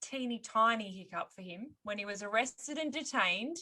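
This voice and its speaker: Bright-voiced woman telling a story. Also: a little high, expressive, normal speed. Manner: laughs often, sardonic asides. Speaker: podcast host telling the story. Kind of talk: casual storytelling chat.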